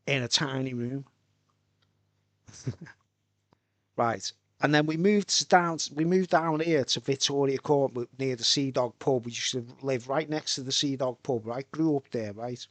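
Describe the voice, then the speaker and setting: A man from Birkenhead, England, with a Merseyside accent chats casually on a live stream from a tent with soundproof tiles at home, often tagging "right?" onto his sentences. His voice is mid-range and measured, with no room sound.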